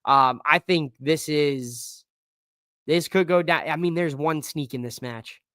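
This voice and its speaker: A man's voice: a little high, takes it slowly, a bit bright, no echo, clean studio sound. A man hosting a casual live-stream wrestling show, talking loosely with slang and lots of fillers. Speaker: wrestling podcast host.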